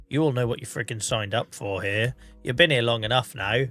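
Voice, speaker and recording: Coughing Norfolk man with a bright voice. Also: medium pitch, brisk, faint music behind. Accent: Norfolk English. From England. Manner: chatty, swearing, self-mocking. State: coughing, under the weather. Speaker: game streamer. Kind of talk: casual live-stream chat.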